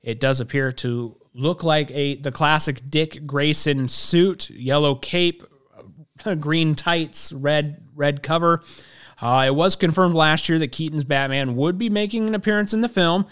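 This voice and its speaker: A man with an American country accent co-hosting a casual podcast, chatty and excitable. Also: fairly high pitch, unhurried, clean tone. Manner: chatty and excitable, laughs easily. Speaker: podcast co-host.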